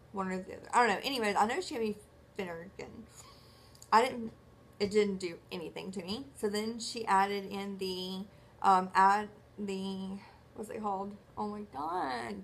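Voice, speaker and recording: Brief: woman vlogger, chatty rambling storyteller, mid-range voice, faint background hiss. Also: medium pitch. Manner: chatty, rambling storyteller who acts out quoted dialogue; self-correcting, filler-heavy. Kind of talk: casual chat.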